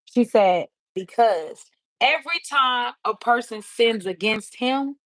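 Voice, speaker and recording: A woman's voice: a little high, takes it slowly, fairly bright tone, dry recording, clean studio sound. A woman hosting a livestream, earnestly retelling someone's story and often stopping to say "she said". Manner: earnest retelling with many repeated "she said" asides. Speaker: livestream host.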